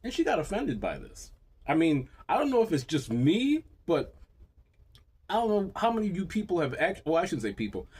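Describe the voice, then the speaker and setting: A man's voice: fairly quick, husky. A man telling a crude, rambling stand-up story, full of profanity. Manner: crude, profane and rambling, with lively pitch swings. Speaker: comedian.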